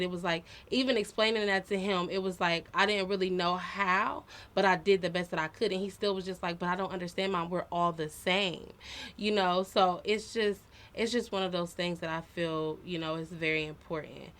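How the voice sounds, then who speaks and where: A woman in her thirties with a slightly low voice, talking casually on a podcast. She tells personal stories in an earnest and reflective way, as a co-host would. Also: steady tone, moderate pace, a bit bright.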